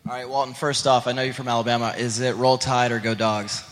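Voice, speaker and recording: A man in the audience asks an earnest question at a live show. He talks fast in a mid-pitched voice. The theater hall adds reverb. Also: flat delivery, noisy background. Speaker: audience member asking a question.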